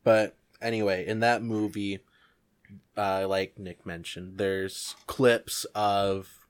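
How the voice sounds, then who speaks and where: A young man co-hosting a casual chat, calmly summing things up. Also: lowish voice, takes it slowly, smooth.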